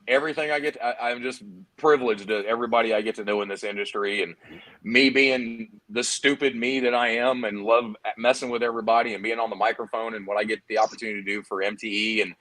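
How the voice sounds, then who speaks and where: A middle-aged man from Texas, a guest on a video-call chat show, telling stories in a hammy, animated way and acting out what others said. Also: fairly low pitch, fast. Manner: animated storyteller, hammy, acts out quotes. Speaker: guest, PDR trainer. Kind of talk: casual chat.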